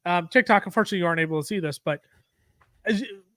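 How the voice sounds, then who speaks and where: Casting: high-pitched male podcast co-host, energetic play-by-play, dry studio sound. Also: very fast, no room sound. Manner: energetic, play-by-play announcing the picks. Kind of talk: casual draft-reaction chat.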